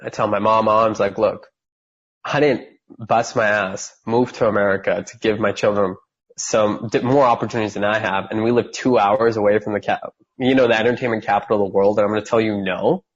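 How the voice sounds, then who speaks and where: A husky-voiced man in his thirties tells his story on a podcast. He talks with lots of energy and acts out the voices of the people in it. The recording sounds slightly dull. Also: lowish voice, fairly quick. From California. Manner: animated storyteller who acts out quoted voices. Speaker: guest.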